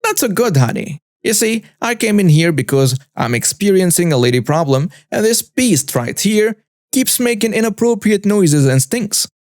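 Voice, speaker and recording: A man's voice: high-pitched, big pitch swings, moderate pace, darkish tone, no echo, studio quality, pitched above the performer's own voice. A man voicing a rude, entitled middle-aged woman who screeches demands at clinic staff. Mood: hostile shrieking.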